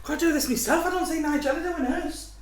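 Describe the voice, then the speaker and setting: A woman's voice: high-pitched, brisk. A woman hosting a casual home cooking vlog, chatty and self-mocking with frequent giggles. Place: home kitchen. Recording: echoey room, noisy background.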